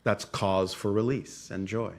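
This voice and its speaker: A man speaking as a channeler, answering audience questions in a formal, measured cadence with repeated phrases. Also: on the low side, steady tone. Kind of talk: channeled spiritual talk.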